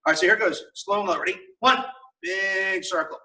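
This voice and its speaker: A man's voice: sits high, normal speed, bright, forceful tone, far from the mic, rough recording. A man teaching a martial arts class on video, upbeat and coaching as he counts out the kicks.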